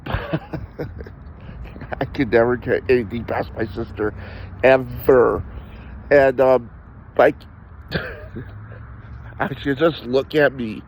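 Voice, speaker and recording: A man at an ordinary pitch tells candid stories about himself in a loose, rambling way, laughing and restarting his sentences. The audio sounds a little muffled and lo-fi, with a faint hum of street noise behind him. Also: fairly even intonation, slow pace, long pauses. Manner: rambling, self-deprecating, frequent laughs and restarts. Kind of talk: candid personal storytelling in conversation.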